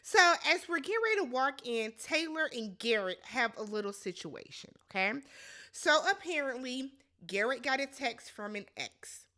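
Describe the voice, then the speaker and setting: Female recap host, high and bright voice, animated, blunt, exclaiming. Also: normal speed. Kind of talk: casual recap commentary.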